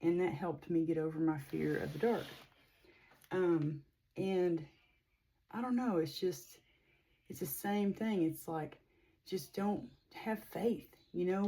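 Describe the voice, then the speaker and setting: A middle-aged woman with a drawl chats with her viewers as a tarot reader. She rambles warmly, full of fillers and asides, and her voice sits low and mellow. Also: rough recording. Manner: chatty, rambling, with frequent fillers. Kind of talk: casual spiritual reading to viewers.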